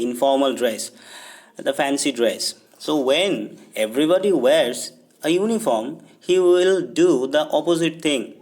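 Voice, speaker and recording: A male teacher with an Indian English accent walks his students through a poem. His pitch sits in the middle range for a man. He keeps stopping to ask "okay?" and restates his words to make them clear. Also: a little mellow. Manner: explains step by step, often checks in with "okay?"; repeats and rephrases words while explaining.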